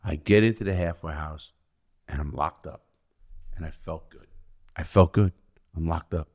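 A middle-aged man from the United States, a podcast guest telling blunt, profane stories that swing between loud outbursts and quiet low asides. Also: moderate pace. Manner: profane, blunt, swears constantly. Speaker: podcast guest, ex-convict speaker. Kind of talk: candid storytelling in conversation.

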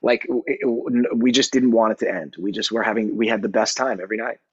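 A middle-aged man speaking as an interview guest, halting and often searching for words. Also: lowish voice, slightly rough, no room sound. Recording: dull, dry lo-fi sound.

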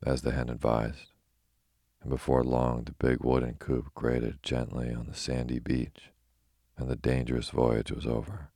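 A man telling a bedtime story in a calm, slow, soothing manner. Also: a bass voice, dry recording, studio quality. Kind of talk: sleepy bedtime story reading.

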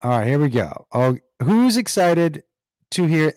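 A man's voice: on the high side, big pitch swings, a little slow, a little mellow, dry recording. Man, host, casual livestream chat, coaxing, dry close sound. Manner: chatty, coaxing, calls out to viewers by name.

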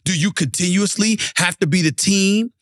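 A man's voice: sits high, moderate pace, no echo, studio quality. A man hosting a sports talk show, ranting emphatically and repeating lines for punch. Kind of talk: ranting sports commentary monologue.

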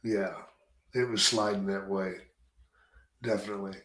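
With a fairly low, fairly bright voice and fairly even intonation, this podcast host talks at a moderate pace in a casual interview. He doesn't hold back, swearing liberally and sharing strong opinions, while the room adds noticeable echo.

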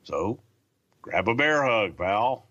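A man's voice: fairly low pitch, animated, slow pace, sharp tone, lo-fi sound. A man telling blunt, profane stories as an interview guest about his years in the business. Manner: blunt, profane, gruff storyteller. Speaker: guest, former wrestling promotion insider. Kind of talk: interview storytelling.

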